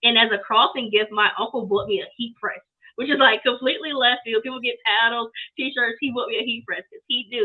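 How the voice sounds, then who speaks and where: Brief: young woman, animated storyteller, quick pace, phone-like sound. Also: medium pitch. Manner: lively storytelling, acts out quoted people. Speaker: guest, apparel business owner. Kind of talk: casual interview talk. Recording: tinny phone-line sound.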